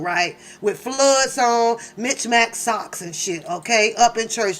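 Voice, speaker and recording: A woman hosting her channel, telling comic stories in a casual, animated and profane way, laughing often. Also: a little high, slight background noise. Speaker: channel host. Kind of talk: casual comedic storytelling.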